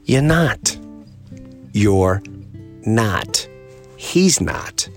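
A man's voice: fairly low pitch, animated, very slow, faint music behind. A man hosting a podcast, talking in an earnest, rambling way and acting out the people he quotes. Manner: acts out quoted voices. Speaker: podcast host. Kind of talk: casual monologue.

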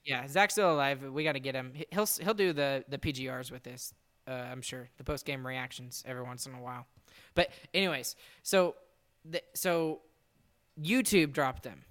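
A man's voice: mid-range voice, normal speed, fairly bright tone. A man hosting a casual sports podcast, rambling and exasperated, laughing now and then as he talks. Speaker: podcast host. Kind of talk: casual chat.

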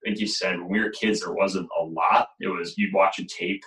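A man's voice: deep voice, moderate pace. A man who coaches goalies, talking casually and telling stories with lots of fillers. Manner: relaxed storytelling with many fillers. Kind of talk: casual conversation. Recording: echoey room.

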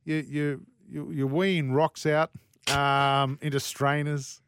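A man with an Australian accent hosting a sports radio show, joking and firing off quick questions in casual banter. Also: a little high, little pitch movement, a bit bright, smooth, dry recording, studio quality.

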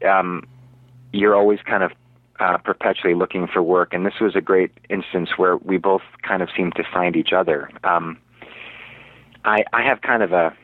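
Low-voiced man rambling through a story. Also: fairly even intonation, normal speed, dry recording. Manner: rambling, with many fillers and restarts. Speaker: actor, interview guest. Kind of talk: casual storytelling in an interview. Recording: dry, tinny, phone-like radio audio.

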